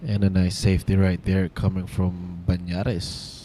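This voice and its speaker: Deep, slow co-commentator. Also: male voice, monotone, mellow, slight background noise. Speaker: color commentator. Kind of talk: live billiards commentary.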